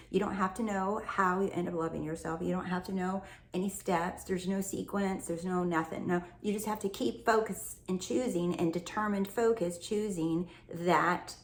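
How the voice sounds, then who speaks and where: A woman's voice: lowish voice, slight background noise. A woman from California, a self-help coach, talking casually and emphatically to her viewers, swearing freely. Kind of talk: casual teaching monologue. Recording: echoey room, faint ambience.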